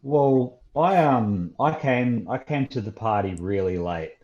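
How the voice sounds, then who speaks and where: A man's voice: medium pitch, animated, measured pace, lo-fi sound, a crowd in the background. A man from Australia with an Australian accent, a podcast guest talking in hesitant, casual chat. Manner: hesitant, many restarts and fillers.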